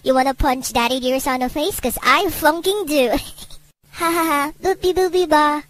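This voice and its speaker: Girl doing a chirpy cocky cartoon rapper boy, goofy, high voice. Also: fairly even intonation, normal speed, fairly bright tone, rough recording. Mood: playful. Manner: chirpy, goofy, playful line reading. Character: upbeat cocky teen boy rapper, cartoon game hero. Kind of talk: fan voiceover reading lines.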